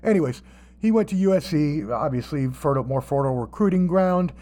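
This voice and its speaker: Dude hosting a sports podcast, swears a lot, gets all animated making fun of people. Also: male voice, fairly high pitch, a little fast. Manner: animated, profane, mocking asides. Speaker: podcast host. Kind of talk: casual sports chat.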